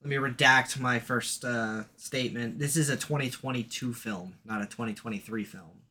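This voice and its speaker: A man's voice: mid-range voice, moderate pace, bright, forceful tone. A young man co-hosting a casual horror movie podcast, easygoing and a little hesitant as he talks. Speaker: podcast co-host. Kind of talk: casual chat.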